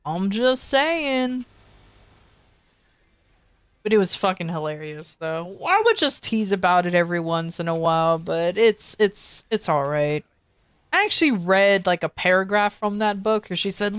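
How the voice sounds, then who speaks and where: A woman's voice: medium pitch, animated, moderate pace, clear, resonant tone, no echo. Young female streamer, casual chat, loose rambling storyteller who swears and laughs, dry booth-like sound.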